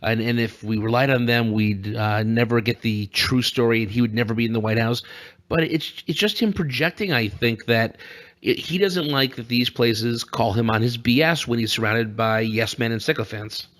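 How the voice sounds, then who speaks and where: A man's voice: mid-range voice, moderate pace, a bit bright. Rambling, jokey man on a podcast. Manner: rambling and jokey, laughs often. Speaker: podcast co-host. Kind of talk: casual political podcast chat.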